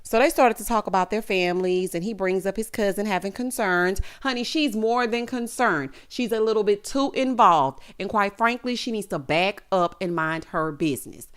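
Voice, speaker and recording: A woman in her thirties giving a sassy, animated recap of a reality show, calling her viewers honey and child. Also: mid-range voice, normal speed, hardly any pauses, clean tone. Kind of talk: casual recap commentary.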